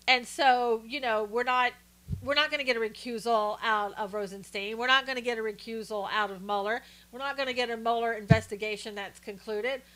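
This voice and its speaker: A woman's voice: a little high, a bit bright. A woman hosting a live stream, chatting casually through political commentary and greeting viewers by name, with frequent fillers.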